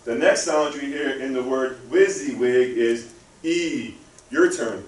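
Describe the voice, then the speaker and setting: A man's voice: medium pitch, takes it slowly. A man giving a live talk in a library, guiding the audience through a spelling drill in call-and-response style. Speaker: guest speaker. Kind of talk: interactive spelling lesson. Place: library lecture room. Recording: roomy, from a distance, faint room hum.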